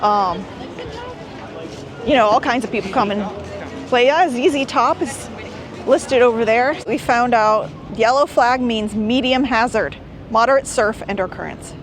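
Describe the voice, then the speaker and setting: A woman's voice: fairly high pitch, a little slow, soft background music. A woman hosting a travel vlog, chatting in a rambling, enthusiastic way while walking around outdoors. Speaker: vlogger host. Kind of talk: casual travel vlog narration. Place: outdoors at a busy beach town. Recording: outdoor street noise behind.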